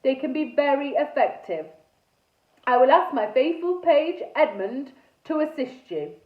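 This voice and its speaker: A woman voicing a courtly old male ghost knight who speaks slowly and formally, heard in a tinny, echoey recording. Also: high-pitched, lively intonation, voice pushed up. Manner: slow, stately, formal speech. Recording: tinny phone-like sound in echoey room.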